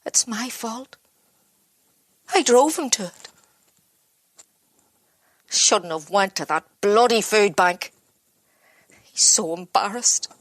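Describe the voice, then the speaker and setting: A crushed, self-blaming mother in a dramatic monologue. She speaks slowly and haltingly, her lines breaking off. The sound is dry and close. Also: medium pitch, animated, no echo. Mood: distraught. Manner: halting, broken, inward monologue. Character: exhausted, self-blaming abused mother, worn down.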